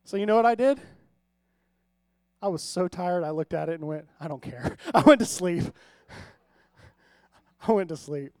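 A man's voice: sits high, expressive, a little slow, pauses often, a little mellow, clear, resonant tone, dry recording, clean studio sound. A male pastor preaching a conversational sermon, telling humorous stories and often checking in with his listeners. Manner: conversational preaching with frequent audience check-ins; humorous storytelling.

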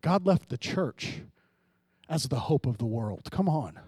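A man pastor preaching a sermon, swinging between hushed, low passages and loud, emphatic rises, often calling out to the congregation. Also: lively intonation, a little slow, slightly rough, dry recording, clean studio sound. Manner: preaching with sudden drops to quiet and loud rises, calls to the congregation.

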